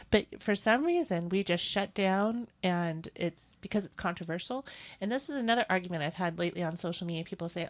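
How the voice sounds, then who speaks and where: A woman hosting a political talk show, earnest and opinionated as she talks with her co-host. Her voice sits somewhat low, and her delivery is conversational. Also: expressive, a little fast.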